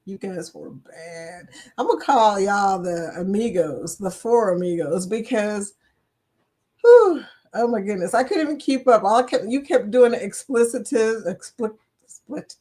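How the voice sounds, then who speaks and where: A woman's voice: mid-range voice, darkish tone. An older woman hosting a casual livestream chat, greeting viewers by name and laughing often.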